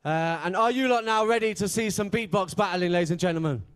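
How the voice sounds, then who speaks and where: A man's voice: high-pitched, fast talker, soft background music. A man emceeing a live beatbox event on stage, chatty and joking as he hypes the crowd. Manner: hyping the crowd, chatty and jokey. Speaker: event host.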